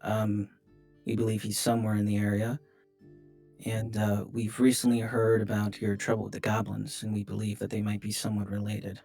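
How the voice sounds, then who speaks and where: A man playing a confident, smooth-talking adventurer who speaks politely and persuasively, in a tabletop game. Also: on the low side, monotone, moderate pace, darkish tone, soft background music. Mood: earnest.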